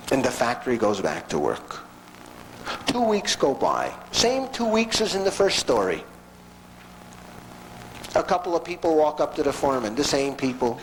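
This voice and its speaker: Male lecturer, folksy storytelling, pitch swinging widely, mid voice. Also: slight background noise, rough recording. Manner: animated, folksy, frequent asides.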